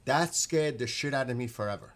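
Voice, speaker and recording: A man's voice: medium pitch, a little fast. Middle-aged man, casual rambling storyteller, salty language, mid-range voice, loose delivery. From northeastern US. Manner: rambling, profane, animated retelling. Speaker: vlogger telling stories.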